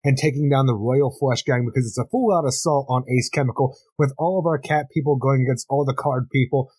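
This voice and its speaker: A man's voice: mid-range voice, brisk, darkish tone, husky, no room sound. A man co-hosting a casual comic book podcast, giving long run-on plot recaps with sarcastic asides. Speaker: podcast co-host.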